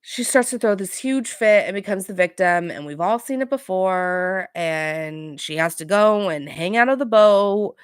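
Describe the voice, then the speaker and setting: A woman's voice: medium pitch, animated, moderate pace, few pauses, smooth, no room sound, clean studio sound. A young adult woman hosting a casual podcast, recapping reality TV in a chatty, gossipy way with sarcastic asides. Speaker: podcast host.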